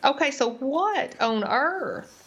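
A woman's voice: sits high, takes it slowly. A woman, casually retelling a TV drama scene by scene as a podcast co-host. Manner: animated storyteller, retells scenes in detail. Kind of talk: casual TV recap chat. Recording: slightly dull lo-fi recording.

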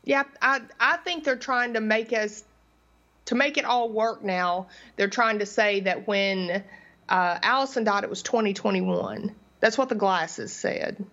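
A woman co-hosting a podcast, chatting in an animated way and laughing often. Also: medium pitch, unhurried. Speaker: podcast co-host. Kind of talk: casual chat. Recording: dull lo-fi sound.

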